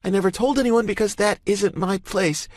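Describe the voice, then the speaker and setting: A man voicing a fierce, stubborn young woman who talks in a loud, cutting, high-pitched way in an audiobook. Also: normal speed, no echo. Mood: furious.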